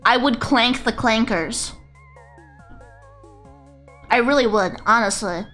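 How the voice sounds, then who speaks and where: A woman VTuber chatting on a casual livestream, rambling, excitable and swearing freely. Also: fairly high pitch, slow pace, soft background music. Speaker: VTuber streamer.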